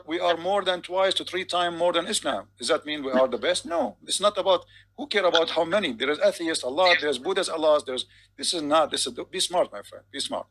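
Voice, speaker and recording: Insistent male debater with a bright, husky, gravelly voice who lectures and keeps cutting in. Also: on the high side, rough recording. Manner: insistent, repeats "my friend". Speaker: debate host. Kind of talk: heated online debate.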